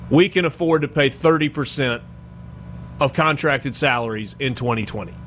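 A man, hosting a sports radio show in a chatty, self-deprecating way that turns animated when he jokes. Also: mid-range voice, normal speed, a little hiss or hum. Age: 40s. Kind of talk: casual sports radio talk.

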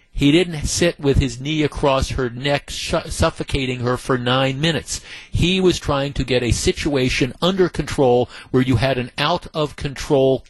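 Husky, indignant male radio host. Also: medium pitch, no room sound, poor audio. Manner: indignant, emphatic, rhetorical questions. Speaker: radio talk show host. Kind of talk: talk radio commentary.

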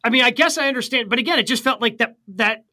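A co-host of a wrestling podcast chats casually. The voice is bright and clear, with wry, joking asides. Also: mid-range voice, fast talker. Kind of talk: casual chat.

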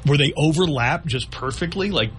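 A man's voice: on the high side, normal speed, a bit bright, a little hiss or hum. A man co-hosting a casual chat show, talking things through aloud and tossing rhetorical questions to his co-hosts.

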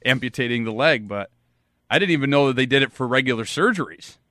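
A man's voice: medium pitch, animated, fast talker, bright, forceful tone, dry recording, clean studio sound. A man co-hosting a radio show, telling stories casually with a few restarts. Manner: conversational, storytelling with restarts. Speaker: radio co-host. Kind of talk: casual chat.

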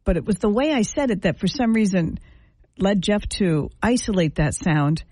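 Laughing woman radio host, lively pitch. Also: moderate pace, husky, dry recording. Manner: laughs often, chatty. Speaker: radio morning show host. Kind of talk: casual radio banter.

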